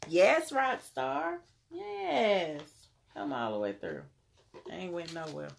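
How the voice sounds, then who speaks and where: A woman's voice: fairly low pitch, sing-song, takes it slowly, gravelly. A woman giving a casual tarot reading on a live stream, laid-back and slangy, calling her viewers "beloved".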